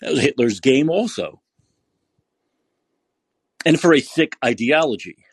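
Heated, profane man ranting, husky voice. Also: mid-range voice, expressive, measured pace, dry recording. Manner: heated, profane, repeats himself for emphasis. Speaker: podcast host. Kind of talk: angry political rant.

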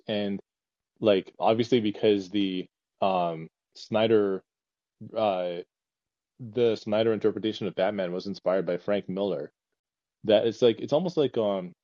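A man's voice: fairly low pitch, moderate pace, no echo, dull audio. A man co-hosting a casual podcast chat, rambling with many fillers and restarts. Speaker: podcast co-host.

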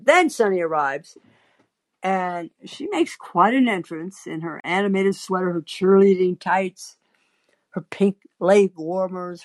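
A woman hosting a call-in podcast, telling a rambling, anecdotal story full of fillers and restarts. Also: lowish voice. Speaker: podcast host.

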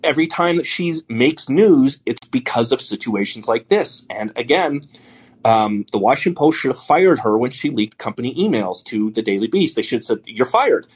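A man's voice: medium pitch, expressive, normal speed, breathy edge. A man hosting a talk show, giving blunt, profane commentary and rambling with many restarts. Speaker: podcast host. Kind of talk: casual commentary.

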